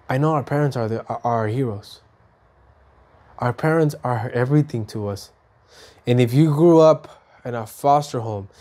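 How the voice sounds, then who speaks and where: A man in his thirties from Mexico, chatting to camera, who tells stories with lively voices for his mom and himself and often repeats and restarts his words. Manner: animated storytelling, acts out his mom and himself with big jumps up in pitch. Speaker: vlogger. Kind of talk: casual chat to camera.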